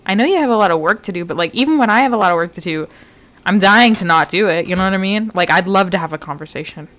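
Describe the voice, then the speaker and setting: Woman streamer, chatty and playful, mid-pitched, muses aloud while she plays. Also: animated, fast, a bit bright. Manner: chatty, playful, talks to herself while searching; slips into mock-British phrasing for fun. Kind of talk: casual live-stream game commentary.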